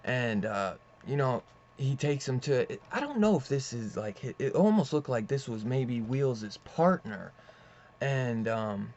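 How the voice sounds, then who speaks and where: A young man casually reviewing a comic book, rambling and excitable, swearing and saying "dude" often. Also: mid-range voice, unhurried. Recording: slightly dull lo-fi audio with faint hiss.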